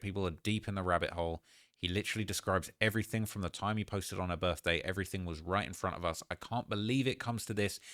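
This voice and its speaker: A man giving animated reaction commentary on a video, often repeating phrases for emphasis. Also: lowish voice, no room sound, clean studio sound. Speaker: commentary YouTuber.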